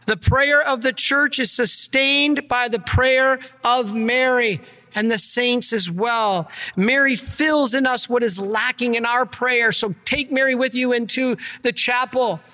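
A man, a priest, giving an earnest and energetic sermon with slides. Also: extremely high pitch, big-room sound. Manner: earnest, energetic preaching, gets worked up.

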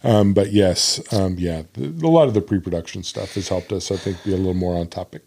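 A man co-hosting a podcast in a cigar shop, chatting casually with a deep voice and frequent laughs. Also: fairly quick, gravelly, slightly rough. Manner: laughs often, relaxed and self-deprecating. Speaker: podcast host. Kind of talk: casual chat.

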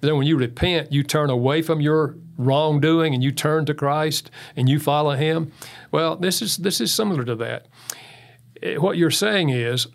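A man's voice: fairly high pitch, normal speed, gravelly. A man talking as a guest in an interview, giving advice on marriage with folksy stories and frequent chuckles. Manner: folksy storyteller who chuckles often. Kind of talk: interview talk with anecdotes.

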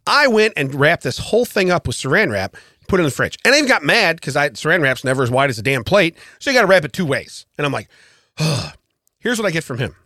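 A man co-hosting a casual podcast, spinning an animated story and hammering his points by saying them twice. His voice sits a bit high and swings widely in pitch, with a bright edge. The sound is dry and close. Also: brisk, dry recording. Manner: animated storytelling, repeats himself for emphasis. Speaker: podcast co-host. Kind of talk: casual chat.

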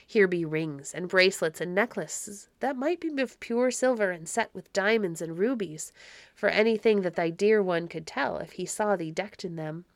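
A crafty one-eyed peddler sweet-talks his way along in old-fashioned speech, read by a woman. The storybook voice sits at a middling pitch. It is recorded dry and close. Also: moderate pace, dry recording, lightly acted. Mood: wheedling. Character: sly one-eyed male peddler, wheedling.

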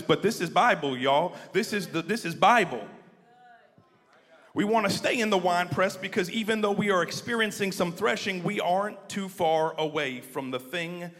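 A man preaching a sermon, shifting from quiet asides to loud emphasis and leading the congregation to repeat lines after him. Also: sits high, moderate pace. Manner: building from quiet asides to near-shouted emphasis; leads the congregation in call-and-response. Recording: long hall reverb.

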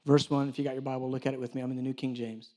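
His delivery races along at a medium pitch as he preaches. He's a church director who tells animated stories, dramatizes the dialogue, and jokes with the congregation.

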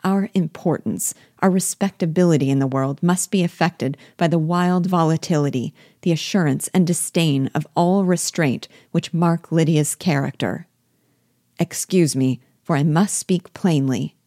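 A woman's voice: low voice, measured pace, dark tone, dry recording, clean studio sound. A woman reading the lines of an earnest, sensible young woman pleading with her father in an audiobook.

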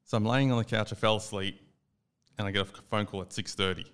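A young Australian man co-hosting a casual podcast chat. He tells an animated story, acts out the quoted lines, and swears casually. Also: lowish voice, fast talker, clean tone. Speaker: podcast co-host.

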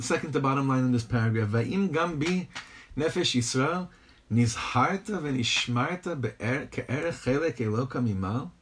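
A man's voice: medium pitch, a little hiss or hum. A man teaching a Torah text, pressing his points with rhetorical questions and mixing Hebrew and Yiddish phrases into his English. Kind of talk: text-based lecture.

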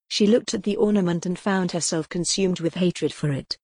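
A woman reading a gothic novel aloud as the audiobook narrator, in a measured, dramatic storytelling manner. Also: lowish voice, a little mellow, breathy edge, dry recording, clean studio sound. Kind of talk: scripted narration.

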